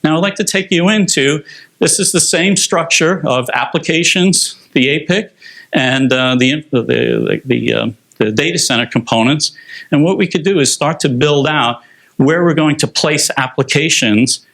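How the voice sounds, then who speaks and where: A man's voice: a little high, normal speed, fairly bright tone. A man giving a conference presentation on technology, explaining slides step by step with frequent fillers.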